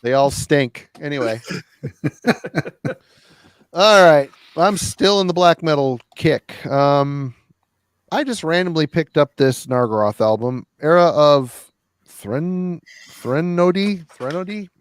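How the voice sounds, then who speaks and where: Smooth, dry-voiced man chatting casually. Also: a little high, animated, slow pace, pauses often, no room sound. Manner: laughing, self-deprecating and rambling. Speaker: podcast host. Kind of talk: casual chat.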